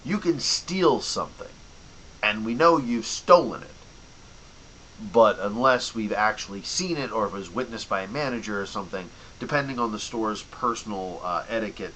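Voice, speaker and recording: Young guy, tipsy rant to camera: forceful, sarcastic, profane, faint hiss on the track. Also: on the low side, animated, a little slow, poor audio. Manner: heated, sarcastic, swearing freely, mocking customers. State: drinking and worked up. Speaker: vlogger and bookstore clerk.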